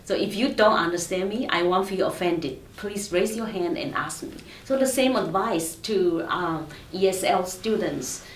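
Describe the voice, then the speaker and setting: A soft, measured woman speaking English with a non-native accent as a professor on a panel. Her voice is very low for a woman and sounds distant in a roomy space, with faint noise behind. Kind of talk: panel discussion.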